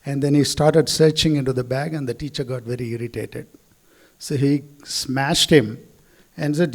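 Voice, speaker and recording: A man's voice: medium pitch, moderate pace, darkish tone. A man, a school chairman giving a speech at a school event in a hall, telling stories and acting out the quotes.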